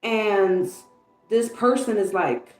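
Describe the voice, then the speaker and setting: A woman's voice: mid-range voice, slow pace, darkish tone, echoey room, rough recording. A woman giving a casual tarot card reading, chatty and candid, swearing and laughing often. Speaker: tarot reader.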